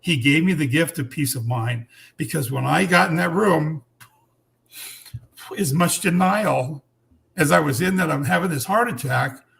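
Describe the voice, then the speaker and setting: A man's voice: a little high, vocal fry, a bit bright. Frank older man telling his story. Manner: frank, earnest, blunt language, halting restarts. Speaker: guest. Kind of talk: candid personal storytelling.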